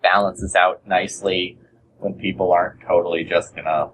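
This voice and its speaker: A man's voice: sits low, steady tone, normal speed, a bit bright, a little hiss or hum, low-quality recording. A man from Boston chatting casually on a podcast, telling stories with lots of fillers and restarts. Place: shared office.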